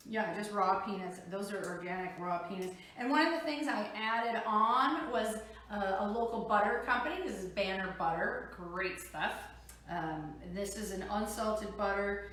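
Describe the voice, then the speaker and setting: A woman's voice: medium pitch, moderate pace, a bit bright, far from the mic. A woman from Minnesota with a Minnesotan accent, hosting a casual cooking demo in her kitchen, chatty and upbeat with lots of fillers. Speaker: cooking show host. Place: home kitchen. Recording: echoey room from off-mic.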